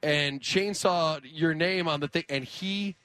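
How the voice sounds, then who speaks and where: Brief: slightly high male co-host, jokey questioner, close and dry sound. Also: takes it slowly, a bit bright, no room sound. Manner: jokey, asks the guest questions. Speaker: radio co-host. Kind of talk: radio talk show banter.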